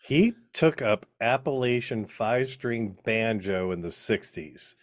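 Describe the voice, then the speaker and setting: Enthusiastic man, lively podcast co-host. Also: mid-range voice, a little slow, dry recording, clean studio sound. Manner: enthusiastic, says "dude" often. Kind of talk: casual chat.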